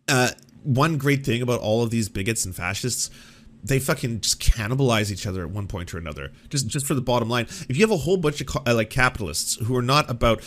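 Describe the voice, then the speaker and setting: A man's voice: mid-range voice, fairly bright tone. Sarcastic, swearing male commentary host. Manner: sarcastic, mocking, swears freely.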